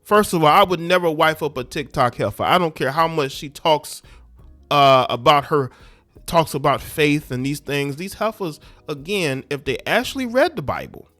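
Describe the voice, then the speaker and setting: A man's voice: on the high side, expressive, normal speed, fairly bright tone, no room sound, faint music behind. A man hosting a commentary show, ranting scornfully and preaching straight at his listeners. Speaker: commentary channel host. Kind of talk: ranting social media commentary.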